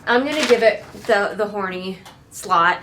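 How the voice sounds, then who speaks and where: A woman with a nasal voice reviews a book from a chair at home. Her tone is sarcastic and snarky, and her pitch sits in an ordinary middle range. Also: measured pace, background noise. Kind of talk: casual critique vlog.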